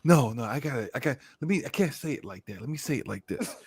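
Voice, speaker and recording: A man's voice: medium pitch, expressive, fast talker, breathy edge, no echo. Rambling male podcast guest, dry sound. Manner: rambling, stammering restarts, acting out skits. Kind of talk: casual podcast chat.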